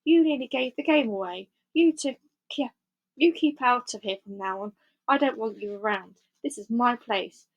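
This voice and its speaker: A rude cellar rat, put on by a woman reading aloud, shrill and scolding, with a high voice that shrieks at intruders. It is a storybook voice, read close to the microphone. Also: normal speed, vocal fry, lo-fi sound. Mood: indignant.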